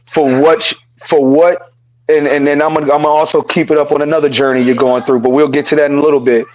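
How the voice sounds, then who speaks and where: A man's voice: fairly high pitch, flat delivery, quick pace, a little mellow, dull audio. A man co-hosting a podcast, speaking earnestly and repeating his phrases, cursing casually as he offers support over a remote call. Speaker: podcast co-host. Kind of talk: casual heartfelt podcast talk.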